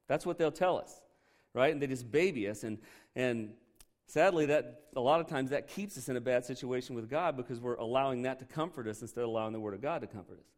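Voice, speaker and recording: A man preaching a Bible lesson in a conversational, joking way. He often checks in with "okay" and "right" and slows down to stress key words. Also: mid-range voice. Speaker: pastor teaching a Bible lesson. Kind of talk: sermon.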